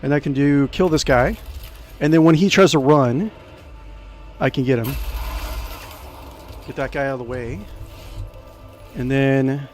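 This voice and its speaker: A man giving casual let's play commentary, playful and chatty, thinking out loud and adding little sound effects as he plays. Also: mid-range voice, measured pace, pauses often, soft background music. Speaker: gameplay commentator.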